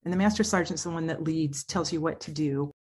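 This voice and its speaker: A woman speaking as a clinical psychologist guest in a podcast interview, talking in an animated way and acting out the voices she quotes. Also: low voice, brisk, breathy edge.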